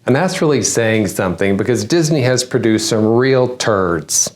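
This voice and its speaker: A man's voice: medium pitch, animated, normal speed. A man hosting a comedy news segment, delivering a satirical monologue with sarcastic punchlines.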